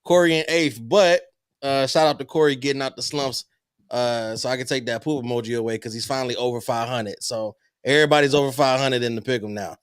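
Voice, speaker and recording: A man's voice: medium pitch, steady tone, a little fast, smooth, dry recording, studio quality. A man co-hosting a casual sports podcast, joking and easygoing as he runs down standings. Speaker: podcast co-host.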